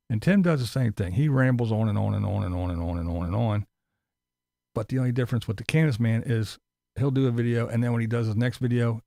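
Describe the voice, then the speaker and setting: A man's voice: medium pitch, vocal fry, warm tone, no echo, studio quality. A man hosting a live stream, talking casually in a profane, mocking, rambling way.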